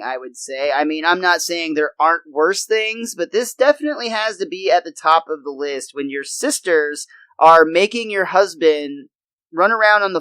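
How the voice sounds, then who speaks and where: A young man with a fairly high voice recaps a cartoon episode for a podcast, chatty and enthusiastic. The sound is dry and close, with no room behind him. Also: fairly bright tone, no room sound, low-quality recording. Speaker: podcast co-host.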